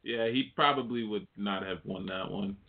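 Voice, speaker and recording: A man's voice: on the low side, moderate pace, creaky. A man guest co-hosting a comedy radio show, joking in a laid-back way. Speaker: guest co-host. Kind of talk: casual comedic chat. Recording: tinny phone-like sound.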